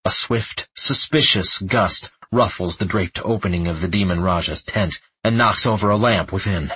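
A man narrating a fantasy audiobook in the first person, tense and measured. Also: deep voice, pushed and bright, husky, no echo, rough recording.

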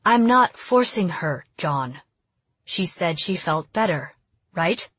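A woman's voice: fairly low pitch, expressive, slow pace, fairly bright tone, breathy edge, dry recording, heavily acted. A woman reading an audiobook, voicing a dry, opinionated, talkative mother. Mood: wry. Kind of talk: audiobook character voice.

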